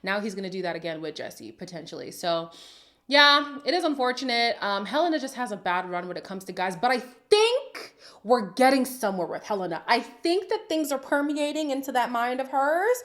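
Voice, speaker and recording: A woman's voice: on the high side, sing-song, fairly quick, fairly bright tone. A woman hosting a reality TV recap who reacts in a sassy, dramatic way, with sighs and sudden whispers. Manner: sassy and opinionated. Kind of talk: casual reaction commentary.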